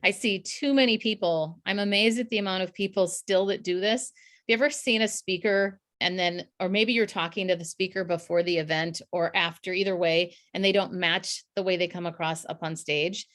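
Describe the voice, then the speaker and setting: A woman's voice: fairly low pitch, moderate pace. A middle-aged woman, a communications coach, talking casually in a podcast interview and acting out little quotes as she explains. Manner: animated, acts out quotes with laughs.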